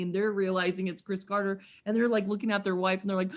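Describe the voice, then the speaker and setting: A woman guest on a podcast, telling stories in a lively, chatty way, laughing often and acting out quotes. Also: mid-range voice, brisk, hardly any pauses. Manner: animated, laughs often, acts out quoted voices. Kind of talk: casual storytelling chat.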